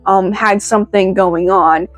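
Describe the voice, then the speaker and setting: A woman giving a casual, excitable video review, rambling with many "like" fillers. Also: mid-range voice, unhurried, soft background music. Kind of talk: casual commentary.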